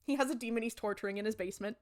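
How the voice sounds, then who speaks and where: A woman's voice: fairly high pitch, very fast. A young woman co-hosting a podcast, recapping an episode in casual chat and acting out the characters' lines as she goes. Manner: animated storytelling, acts out characters' lines. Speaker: podcast co-host.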